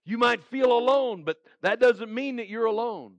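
A man's voice: very high voice, moderate pace, no room sound, lo-fi sound. A male pastor giving a heartfelt sermon who repeats his phrases for emphasis. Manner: heartfelt, pleading preaching.

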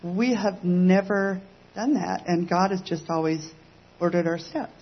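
A woman, a pastor's wife, telling her part of a testimony in a casual, halting way. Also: lowish voice, steady tone, husky, lo-fi sound. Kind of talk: testimony sermon.

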